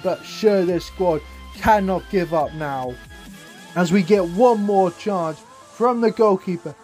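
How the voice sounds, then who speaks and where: Excitable high-voiced young man commentating a game. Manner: excitable, swings from gloom to yelling at goals. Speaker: gaming YouTuber.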